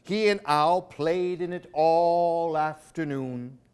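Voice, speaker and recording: Slow, expressive male storyteller. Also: on the high side, smooth. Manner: expressive, sing-song. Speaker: storyteller for a library program. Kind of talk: reading picture books aloud.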